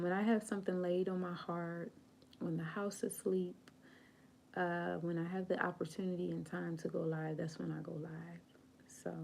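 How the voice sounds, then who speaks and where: Slow, gravelly-voiced woman giving advice. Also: fairly low pitch, a little mellow. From United States. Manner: slow, earnest, preachy, quotes scripture. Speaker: channel host. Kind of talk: live-stream talk on feminine grace. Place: home, late at night.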